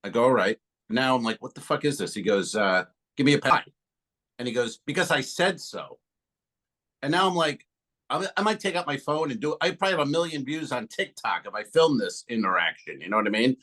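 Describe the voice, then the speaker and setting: A man's voice: mid-range voice, expressive, brisk, bright, forceful tone, poor audio. A man co-hosting a comedy podcast, telling a story in casual chat, acting out both sides of a quoted exchange and swearing freely. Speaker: podcast co-host.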